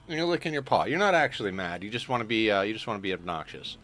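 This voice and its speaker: A man's voice: on the low side, lively intonation, fast talker, a bit bright. A sleepy man chatting casually with his livestream chat, joking and greeting viewers by name. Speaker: streamer.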